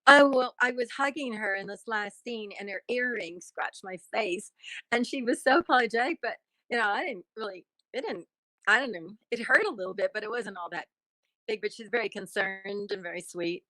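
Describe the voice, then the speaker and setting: A woman's voice: medium pitch, moderate pace, pushed and bright, dry recording. A middle-aged woman, an actress being interviewed, chatting casually and laughing often. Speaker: actress and guest.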